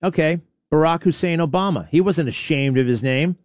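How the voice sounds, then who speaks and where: A man's voice: a little high, moderate pace, a little mellow, no room sound, studio quality. A man hosting a talk show, rambling through a sarcastic opinionated monologue with many asides and restarts. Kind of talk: opinionated monologue playing clips.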